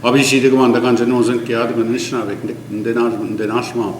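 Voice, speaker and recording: An older man giving an oral history, earnest and emphatic, mixing an Indigenous language with English, often dropping to a low quiet tone. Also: little pitch movement, quick pace, slight background noise. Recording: echoey room with faint ambience.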